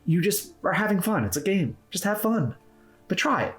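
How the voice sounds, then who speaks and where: A man's voice: sits high, big pitch swings, moderate pace, a bit bright, soft background music. Encouraging man hosting a roleplay tips video. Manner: upbeat, encouraging, conversational. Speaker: tabletop roleplaying video host. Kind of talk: casual instructional talk to camera.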